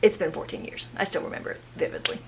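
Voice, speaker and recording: A woman of about thirty telling a personal story in a chatty, animated vlog monologue with frequent asides. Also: fast talker, noisy background. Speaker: vlogger. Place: indoors at home.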